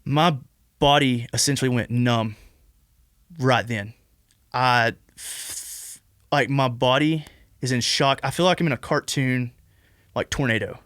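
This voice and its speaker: A man's voice: mid-range voice, a little slow, pauses often, a bit bright, no room sound, clean studio sound. A man in his twenties, a podcast guest telling a long personal story in a casual, rambling way, full of "like" and restarts. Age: 20s. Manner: rambling, heavy use of "like" and restarts.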